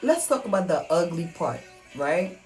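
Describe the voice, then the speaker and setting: Earnest woman with soft music behind. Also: on the low side, sing-song, moderate pace. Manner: earnest, repetitive, heartfelt. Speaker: vlogger. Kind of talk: personal motivational monologue. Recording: soft music underneath, mic at a distance.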